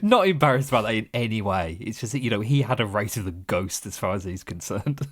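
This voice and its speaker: A man's voice: fairly low pitch, animated, fairly quick. A man co-hosting a casual podcast chat who laughs often and talks in an easygoing way. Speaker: podcast co-host.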